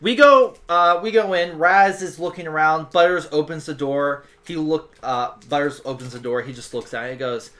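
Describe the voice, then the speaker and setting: A man's voice: on the high side, normal speed, few pauses. A man running a tabletop role-playing game as game master, narrating and jumping into character voices. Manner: animated, jumps into character voices.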